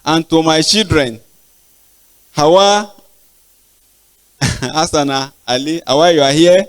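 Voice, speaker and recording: An older Nigerian man stands in a large auditorium, thanking people one by one in a lecture. His voice sits a little high, and he speaks haltingly, pausing and repeating words as he goes. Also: smooth. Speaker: professor giving lecture. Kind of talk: acknowledgements in a formal lecture.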